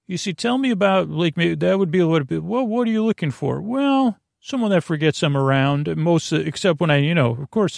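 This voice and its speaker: Creaky-voiced man rambling at bedtime. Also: on the high side, no echo, clean studio sound. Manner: meandering, many filler words and tangents. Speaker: podcast host.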